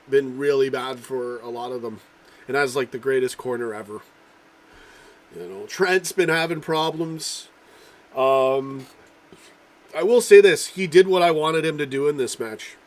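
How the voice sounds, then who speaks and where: Coughing and clearing his throat again and again, a male livestream host rambles and swears through a casual football chat, reading out what viewers write. His pitch is medium.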